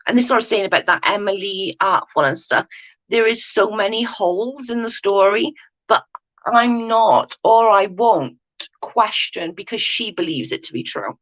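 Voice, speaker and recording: A woman's voice: medium pitch, animated, moderate pace, low-quality recording. A woman on a casual livestream, rambling and correcting herself, often asking if the listener follows her. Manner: rambling, self-correcting, often asks "do you know what I mean". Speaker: YouTube commentator. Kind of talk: casual livestream chat, reading viewer comments.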